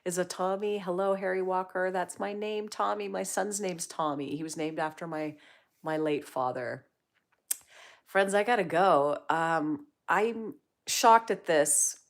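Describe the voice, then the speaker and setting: A woman's voice: fairly low pitch, a little slow. Chatty middle-aged woman livestreamer. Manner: chatty, upbeat, many fillers. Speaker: livestream host. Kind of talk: casual livestream chat reading comments.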